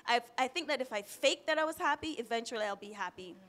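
A Jamaican woman in her thirties shares her own story on a panel, speaking candidly and emotionally and at times nearly crying. Her voice is a little high and fairly bright, with lively intonation, and she talks fast.

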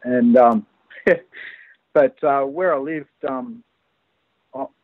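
Australian man, phone-in guest, halting storyteller full of fillers, thin phone-line sound, dry. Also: medium pitch, dry recording. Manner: hesitant, many fillers and restarts. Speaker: guest recounting an encounter. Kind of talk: casual phone interview storytelling. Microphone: phone call.

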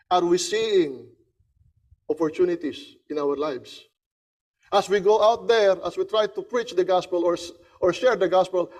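A man's voice: high voice, a little mellow. A man preaching a sermon, telling a story and repeating key phrases for emphasis. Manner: storytelling, acts out the characters' voices.

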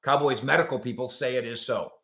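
A man's voice: mid-range voice, brisk, pushed and bright, roomy sound. A man hosting a live sports show, reading viewer comments aloud and answering them with wisecracks. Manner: wisecracking, puts on silly voices for comments.

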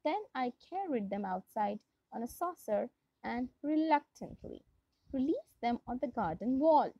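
Her slightly high voice has lively intonation and a breathy edge as she reads a storybook to her class unhurriedly, often restarting phrases. She's a young Pakistani-accented English teacher, captured in a dull, dry, lo-fi recording without echo.

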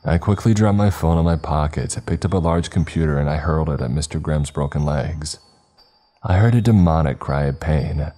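A man reading a scripted horror story in a slow, measured way. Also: a bass voice, dark tone.

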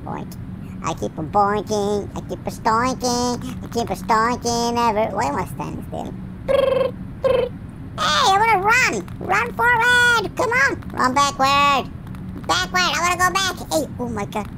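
A cheeky baby hedgehog, high-pitched and bouncing wildly up and down as he plays through a game, voiced by a man. His voice is gravelly at the edges and comes through a noisy recording. He teases, boasts and chants goofy nonsense rhymes. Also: big pitch swings, unhurried, heavily acted. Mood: playful. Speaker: game player. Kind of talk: playful gameplay commentary in character.

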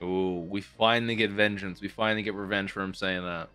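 A man hosting an anime reaction video, casual and excitable, swinging between loud hype and quiet musing, with some casual swearing. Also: low-pitched, a little fast, clean tone, soft background music. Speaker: anime reaction channel host.

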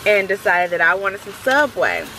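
A young woman vlogging from a car, chatty and upbeat, leaning on drawn-out repeats. She talks at an easy middle pitch into a handheld phone, with a faint hiss of noise under her voice. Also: huge pitch swings. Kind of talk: casual vlog chat to camera.

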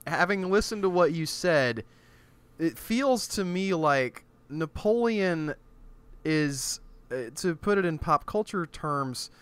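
Male podcast guest, slightly high and bright voice, measured delivery with dry jokes. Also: smooth, dry recording. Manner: measured, wry, deadpan jokes. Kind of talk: casual chat.

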